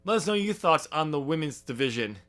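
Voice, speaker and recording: A man's voice: fairly high pitch, expressive, fairly quick, fairly bright tone. A man co-hosting a casual wrestling podcast, teasing his partner and rambling with plenty of fillers. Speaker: podcast co-host.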